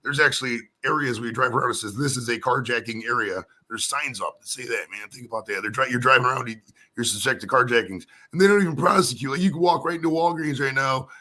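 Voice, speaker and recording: A man's voice: medium pitch, fast talker, pushed and bright. An American man talking casually on a live stream, rambling and repeating words, often tagging sentences with "man". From United States. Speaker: co-host.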